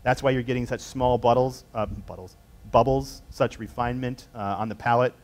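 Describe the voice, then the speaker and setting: A man's voice: medium pitch, steady tone, normal speed, darkish tone. A man in his thirties leading a beer tasting class, talking casually with fillers and restarts as he tells a personal story. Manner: conversational, rambling with fillers and restarts. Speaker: beer importer representative presenting a tasting.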